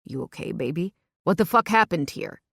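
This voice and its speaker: A woman's voice: lively intonation, normal speed, creaky, a bit bright, no echo, studio quality, full character voice. A woman reading the lines of a protective, commanding young man in an audiobook, in a blunt, concerned way. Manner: blunt, concerned, low-key. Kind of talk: audiobook character voice.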